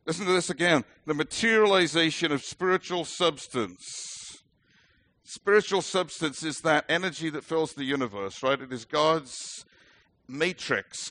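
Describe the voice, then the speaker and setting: Earnest British minister preaching. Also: male voice, a little high, normal speed, fairly bright tone. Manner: earnest, emphatic, with light self-deprecating humor. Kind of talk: sermon.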